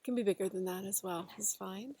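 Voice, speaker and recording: A woman guiding a breathwork class, talking gently and unhurriedly with a few fillers. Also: mid-range voice, a little fast. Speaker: breathwork facilitator. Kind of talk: guided instruction to a class.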